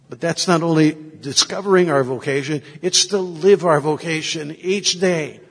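A man's voice: fairly high pitch, moderate pace, few pauses, slightly rough, in a large hall. A man, a Catholic priest, giving a sermon, reflective in manner and telling stories from his ministry. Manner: reflective storytelling, moving in and out of quoted voices. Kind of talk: sermon with anecdotes.

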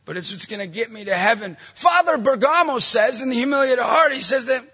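A middle-aged man preaches to a live crowd in a big hall, and his voice rings with long reverb. His tone is high, bright and a little husky. He tells jokey family stories and keeps breaking into shouted emphasis. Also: lively intonation, fairly quick. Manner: punchy, jokey storyteller, bursts into shouting emphasis. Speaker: Catholic evangelist speaker. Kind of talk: energetic preaching talk to a live audience.

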